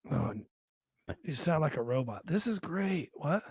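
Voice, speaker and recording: A man's voice: a little high, sing-song, measured pace, darkish tone, breathy edge, dry recording, studio quality. A man co-hosting a live podcast, chatting casually and joking with plenty of swearing. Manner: profane, rambling, joking. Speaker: podcast co-host.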